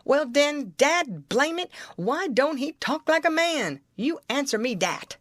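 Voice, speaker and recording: A woman's voice: high-pitched, sing-song, measured pace, no room sound, voice pushed up. A woman doing a stubborn grown runaway man, folksy and indignant. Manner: folksy rural dialect, argumentative and indignant.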